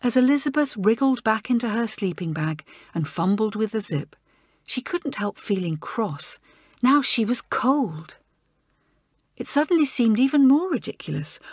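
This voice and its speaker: A woman narrating a children's audiobook in an expressive storytelling style. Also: mid-range voice, breathy edge, no echo, studio quality. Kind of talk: scripted narration.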